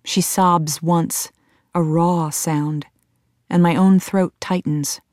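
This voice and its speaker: A woman reading a first-person audiobook in a measured, tense storytelling manner. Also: on the low side, steady tone, darkish tone, no echo, studio quality. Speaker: audiobook narrator.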